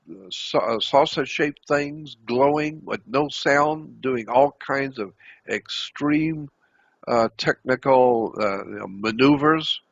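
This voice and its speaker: A man host recounting a personal anecdote in a dramatic, repetitive way, halting often as he searches for words. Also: medium pitch, a bit bright, husky. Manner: dramatic, repetitive storytelling with frequent halts. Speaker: channel host. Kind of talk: personal anecdote, told aloud. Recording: dull lo-fi recording.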